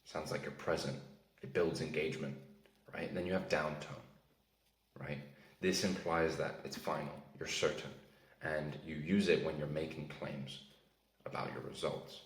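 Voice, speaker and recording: A man's voice: very deep voice, fairly even intonation, normal speed, echoey room, low-quality recording. A man coaching on sales in a casual teaching talk, often checking in with "right?" and "okay?". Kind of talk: instructional talk to camera.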